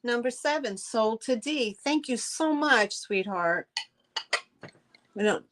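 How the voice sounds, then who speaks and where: A woman's voice: a little high, slow pace. A middle-aged woman hosting a live-stream sale, chatting effusively with viewers, with many fillers and restarts. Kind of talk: live-stream selling chat.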